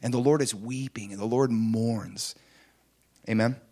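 A middle-aged man preaching a sermon, impassioned, swinging between loud emphatic lines and soft hushed ones. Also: mid-range voice, fairly even intonation, a little slow.

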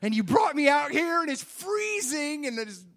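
A man voicing a newborn baby boy, crying about the cold and bright lights in high whiny cries. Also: sing-song, moderate pace, heavily acted. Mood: distressed wailing.

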